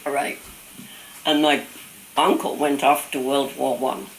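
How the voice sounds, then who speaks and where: A woman's voice: rumbling low, flat delivery, takes it slowly, roomy sound, a little hiss or hum, low-quality recording. An older woman telling family stories in casual conversation, amused and laughing often, sometimes mimicking her relatives' voices. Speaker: interviewee recalling family stories.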